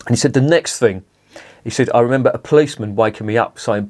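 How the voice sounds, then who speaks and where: A middle-aged man talks through a beer review at a mid-range pitch. He rambles, restarts his sentences and drops swear words in as he goes. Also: fast talker, a little mellow. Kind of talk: casual rambling monologue.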